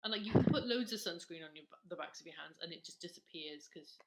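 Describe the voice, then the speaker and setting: A woman from Britain talks skincare with a friend, lively and full of small anecdotes. Her voice is slightly low for a woman and plainly conversational. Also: quick pace, very noisy. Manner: animated, conversational storyteller. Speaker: podcast co-host. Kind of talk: casual beauty chat.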